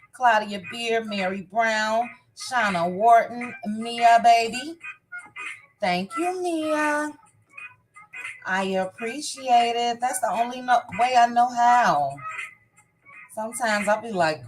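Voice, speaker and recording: A woman hosting a casual live stream reads out viewers' names one by one, greeting each with a warm shout-out. Her voice is fairly high, and the recording quality is low.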